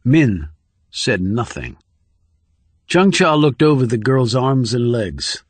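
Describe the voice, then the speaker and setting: A man's voice: medium pitch, breathy edge, dry recording. Man narrating a thriller audiobook. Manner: measured, steady storytelling. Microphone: close studio microphone.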